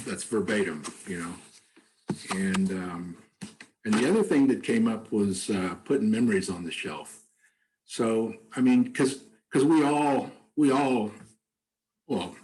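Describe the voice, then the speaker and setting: Soft-spoken man on a video call. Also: fairly low pitch, slight background noise, low-quality recording. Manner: soft-spoken, halting, many fillers. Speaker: songwriter and bereaved father. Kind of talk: casual talk on a video call. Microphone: computer mic on a video call.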